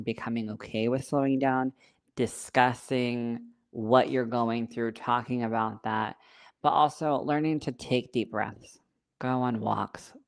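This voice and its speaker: Woman co-host, very low pitch; frank, reassuring, sassy advice-giver in casual chat. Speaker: podcast co-host.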